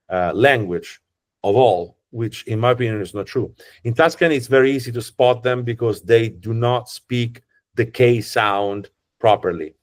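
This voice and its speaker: A man with an Italian accent, a tour guide who explains in a chatty, joking way with frequent restarts. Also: mid-range voice. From Italy. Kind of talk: casual explanatory talk.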